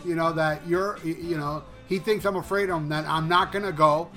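A man's voice: on the high side, steady tone, brisk, sharp tone, soft background music. A man chatting as a podcast co-host, adding joking asides. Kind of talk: casual podcast banter.

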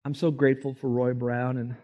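A man's voice: medium pitch, level tone, brisk, warm tone. A man preaching a sermon, folksy and emphatic, posing rhetorical questions to his listeners. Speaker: pastor.

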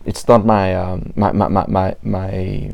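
Mexican dude doing a podcast in english, mellow dark voice, swears a lot, trips over his words. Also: low-pitched, level tone, takes it slowly, vocal fry. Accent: Mexican Spanish. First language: Spanish. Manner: profane, repetitive restarts, acts out quoted people. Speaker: podcast host. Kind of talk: casual monologue.

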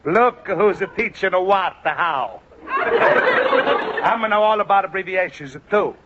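A man's voice: high-pitched, wildly swooping pitch, a little slow, exaggerated voice. An actor playing a boastful, teasing older Italian man who speaks broken English with an Italian accent, in a 1940s radio sitcom. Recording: muffled old radio broadcast, hiss.

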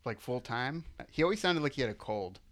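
A man in his thirties at a middle pitch, co-hosting a casual podcast chat. He teases and cracks quick jokes in a playful way. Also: lively intonation. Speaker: podcast co-host and interviewer.

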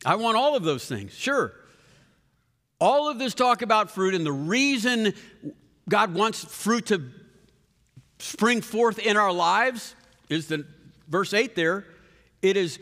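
Bright-voiced man preaching in a hall. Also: sits high, expressive, slow pace, long pauses. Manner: conversational preaching with restarts and asides to the congregation. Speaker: pastor. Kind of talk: sermon.

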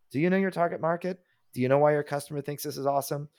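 A man's voice: on the high side, very fast, a little mellow, smooth, dry recording, studio quality. A man co-hosting a podcast in casual chat, wry and blunt, firing off rhetorical questions. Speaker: podcast co-host.

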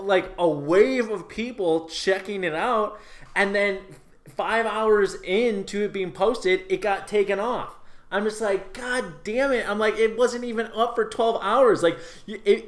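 A man talking as a guest on a podcast, chatty and casual, stumbling over and repeating words and swearing now and then. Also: sits high. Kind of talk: casual interview chat.

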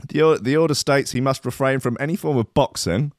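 Male podcast host, mid-pitched, jokey and rambling, trips over his reading; dry close sound. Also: fairly quick, dry recording. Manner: rambling, stumbling over words, chuckling asides. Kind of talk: casual chat reading news stories.

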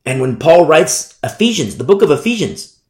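A man's voice: fairly high pitch, big pitch swings, normal speed, reverberant. A man preaching a verse-by-verse Bible study sermon, repeating phrases and asking rhetorical questions. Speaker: pastor. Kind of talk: expository Bible teaching sermon.

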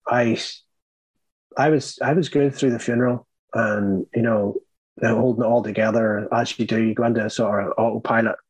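A young man with an Irish accent, telling his own story as an interview guest, earnest and halting, often starting his sentences over. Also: lowish voice, slightly rough, no room sound, poor audio. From Ireland. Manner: earnest, halting, with many restarts.

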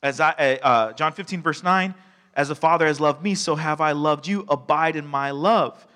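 A male pastor giving a sermon in a conversational, animated way, telling stories and laughing along the way. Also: on the high side, moderate pace. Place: church sanctuary. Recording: long reverb of a church hall.

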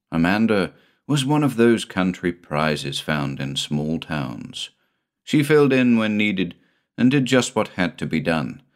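Deep-voiced man narrating an old tale. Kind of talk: audiobook narration of a vintage weird tale.

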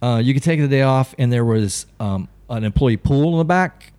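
A man's voice: mid-range voice, moderate pace. A middle-aged Texan man, a podcast guest, telling stories casually and acting out quotes. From Texas. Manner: animated storyteller, acts out quotes. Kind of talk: casual storytelling.

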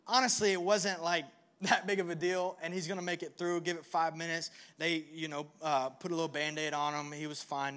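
Preaching in a conversational way, this young pastor has a voice on the high side and a bit bright. He pokes fun at himself while telling a story before shifting into an earnest, reassuring tone.

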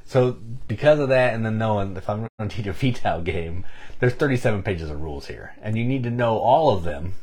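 A man with a very low, husky voice talks casually about board games. He explains rules in plain terms and slips in dry teasing at his co-host. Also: lively intonation, a little fast, a little mellow. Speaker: board game podcast co-host. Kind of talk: casual chat.

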